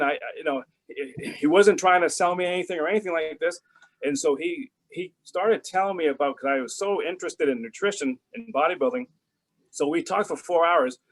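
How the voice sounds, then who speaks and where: Here an interview guest tells a rambling, casual story: a middle-aged man whose voice sits on the high side. He keeps restarting, leans on fillers, and acts out the phone conversations in quoted voices, all captured in a low-quality recording.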